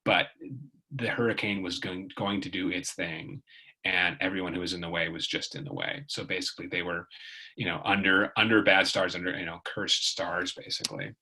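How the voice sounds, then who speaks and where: A man's voice: low voice, steady tone, normal speed, sharp tone, breathy edge, poor audio. A man tutoring in a casual, rambling video lesson, chatty and full of fillers and restarts.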